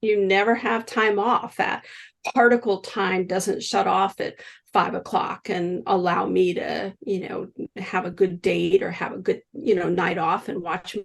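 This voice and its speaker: A woman's voice: medium pitch, unhurried, vocal fry, slightly rough. A woman in her sixties, a guest healer, telling stories in an interview and acting out the voices of the people she quotes. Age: 60s. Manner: animated, acts out quoted voices. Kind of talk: storytelling in an interview.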